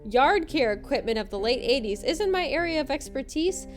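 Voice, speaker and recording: Woman, podcast host, wry scripted narration, sarcastic, high-pitched, faint background music. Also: animated. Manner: wry, sarcastic, quick to laugh. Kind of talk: scripted comedic recap narration.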